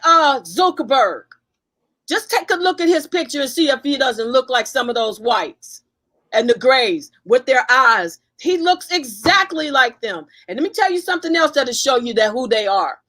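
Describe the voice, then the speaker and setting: High-voiced fervent woman speaking emphatically. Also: sharp tone. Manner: emphatic, fervent, with frequent restarts. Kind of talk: impassioned conversation.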